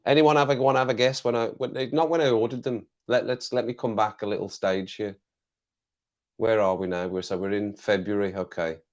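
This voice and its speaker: A man's voice: lowish voice, fairly even intonation, a little fast, darkish tone. An English man hosting a casual live stream, chatting to viewers in a rambling way, repeating phrases and laughing often.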